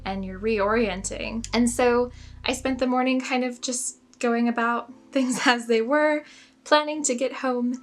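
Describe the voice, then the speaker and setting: Chatty, self-mocking woman with a higher voice. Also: steady tone, unhurried, soft background music. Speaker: spiritual storyteller. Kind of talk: casual storytime vlog.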